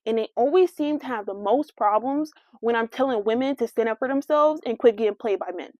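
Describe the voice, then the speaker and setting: Brash young woman podcast host, fairly high voice, dry dull lo-fi sound. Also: brisk, dry recording. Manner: brash, sassy, slangy and animated. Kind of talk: casual solo podcast rant.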